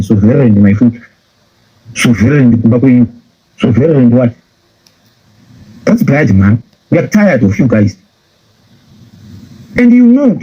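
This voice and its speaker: A man's voice: a little high, slightly rough. A man with a Zimbabwean accent delivering a heated political rant, scolding and repeating himself as he mixes in phrases from home. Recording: dull lo-fi recording.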